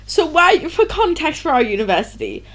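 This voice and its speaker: Young woman, podcast co-host, playful and sweary, high and swooping delivery. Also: wildly swooping pitch, normal speed. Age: young adult. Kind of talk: casual chat.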